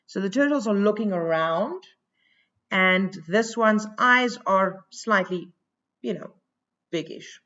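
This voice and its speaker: Slow, thinking-aloud woman teacher. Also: medium pitch, expressive, a bit bright, muffled recording. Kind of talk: recorded online lesson.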